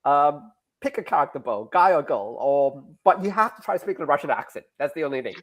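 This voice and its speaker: Animated man explaining storytelling. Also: a little high, fast talker. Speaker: comic creator, interview guest. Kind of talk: explaining in a casual podcast interview.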